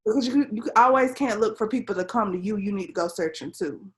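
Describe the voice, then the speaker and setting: A young woman speaking as a guest in a casual interview. She talks in an earnest, storytelling way and drops in plenty of "um"s and "like"s. Her voice sits at an ordinary middle pitch for a woman. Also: quick pace. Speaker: interview guest, civil engineer.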